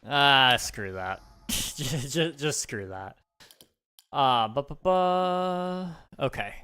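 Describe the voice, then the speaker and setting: Bright, chatty young gaming streamer man. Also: medium pitch, very slow, clear, resonant tone. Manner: chatty, relaxed, thinks aloud with fillers and small laughs. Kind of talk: casual live-stream chat while gaming.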